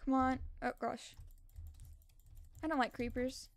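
Excitable high-voiced woman gaming. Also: no echo. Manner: excitable, repeats words rapidly when tense. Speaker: gaming channel host. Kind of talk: casual gameplay commentary.

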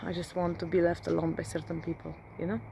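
A woman's voice: on the low side, monotone, quick pace, vocal fry, heavy background noise. A woman vlogging from her rural home at night, half-whispering, swearing often and speaking from the heart. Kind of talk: casual whispered vlog.

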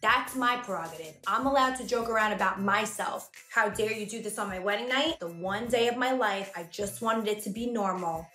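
A woman's voice: medium pitch, brisk, few pauses, pushed and bright, echoey room, soft background music. A woman speaking as an upset bride in a confessional interview, emphatic and indignant.

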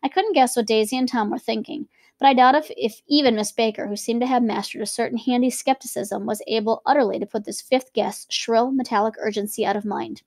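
A woman's voice: a little high, no room sound. A woman reading a classic novel aloud and stopping for casual commentary. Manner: quick, conversational asides between reading. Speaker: reader and teacher.

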